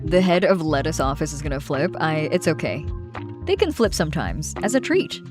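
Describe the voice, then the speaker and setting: A woman's voice: low voice, sing-song, normal speed. A woman streamer chatting casually while drawing, reading some text aloud and then riffing on it with playful jokes. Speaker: streamer and artist. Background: background music.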